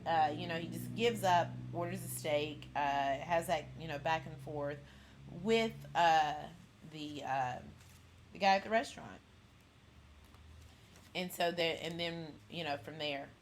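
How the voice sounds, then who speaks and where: A woman's voice: sits low, measured pace, slight background noise. A woman hosting a pop culture channel, casually recapping an episode in a rambling way full of fillers and restarts.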